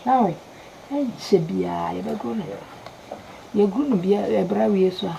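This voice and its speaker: A woman, playing a teasing villager in a film, animated and laughing often. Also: medium pitch, a little slow, vocal fry, muffled recording, a little hiss or hum. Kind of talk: Ghanaian film acting.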